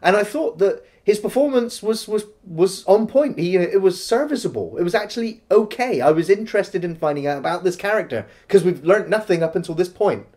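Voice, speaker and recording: A man co-hosting a casual film review, calmly recapping scenes and defending the parts he liked. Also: high-pitched. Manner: measured, recapping the plot and defending points.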